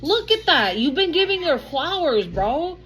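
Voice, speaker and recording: A woman's voice: high voice, very animated, measured pace, fairly bright tone, poor audio. Blunt, profane woman tarot reader. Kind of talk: casual tarot reading to an online audience.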